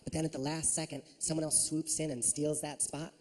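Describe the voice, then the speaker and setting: A man performing a stand-up comedy set, animated and quick to leap into high shrill voices for his impressions. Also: a little hiss or hum. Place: comedy stage.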